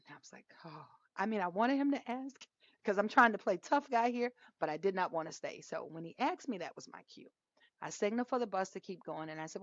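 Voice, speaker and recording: Animated woman telling a story. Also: fairly low pitch, fairly quick, no echo. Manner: animated storyteller, laughs often, acts out quoted lines. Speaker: podcast co-host. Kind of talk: casual storytelling chat. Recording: dull lo-fi dry sound.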